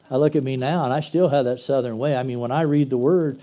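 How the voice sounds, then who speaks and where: A man's voice: medium pitch, steady tone, a little fast, few pauses, dark tone, low-quality recording. A man preaching an earnest, conversational sermon that swells into emphatic bursts. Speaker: pastor.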